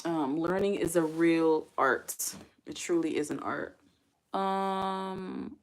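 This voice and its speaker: A woman's voice: on the low side, slow pace. A woman chatting casually on a livestream, thinking aloud and answering viewer comments. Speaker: livestream host.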